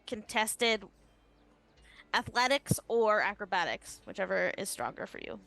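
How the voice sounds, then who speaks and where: A woman's voice: medium pitch, expressive, measured pace, gravelly, fairly bright tone, soft background music. A woman running a tabletop game as game master, chatty and casual, with frequent laughing asides.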